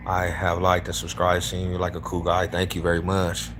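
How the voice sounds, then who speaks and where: Deep-voiced laid-back man from Denver. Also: completely flat delivery, normal speed, hardly any pauses, background noise. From East Denver, Colorado. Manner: slangy and laid-back, calls people homie, bro and fool. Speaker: livestreamer chatting with strangers. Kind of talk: casual live-stream chat.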